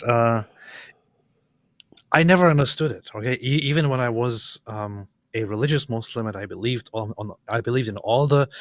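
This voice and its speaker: A man's voice: lowish voice, no echo, studio quality. A man co-hosting a talk show, speaking hesitantly and mocking when he quotes others. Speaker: co-host. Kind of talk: casual commentary.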